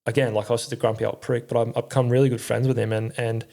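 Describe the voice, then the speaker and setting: A man's voice: mid-range voice, little pitch movement, racing, gravelly, mellow. A middle-aged Australian man telling his story in a candid, rambling way, swearing often and using slang. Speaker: podcast guest, former army crew commander.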